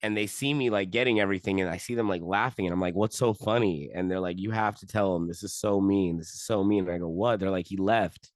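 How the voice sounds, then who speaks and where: A man with a lowish voice in a casual podcast chat, recorded close and dry with no room sound. He jokes around, reacts fast and tells stories with a laugh never far off. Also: fairly even intonation, no room sound. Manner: joking, quick reactions, laughs easily. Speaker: podcast co-host.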